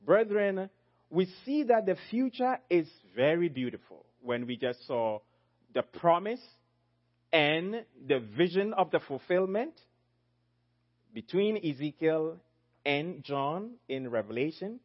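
A man preaching a sermon, emphatic, swinging from loud high exclamations to low quiet phrases. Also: big pitch swings, takes it slowly, highs cut off.

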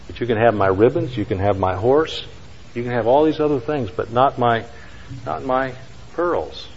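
A man's voice: mid-range voice, normal speed, a little mellow, dull audio, a little hiss or hum, lightly acted. A man voicing a pleading little girl. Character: pleading five-year-old girl clinging to her toy.

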